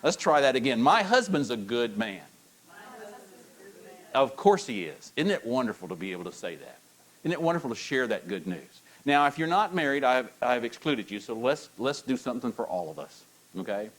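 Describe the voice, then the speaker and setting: A man's voice: medium pitch, a little fast, rough recording. Pastor coaxing his congregation. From United States. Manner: animated, coaxing congregation to repeat lines. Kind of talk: sermon.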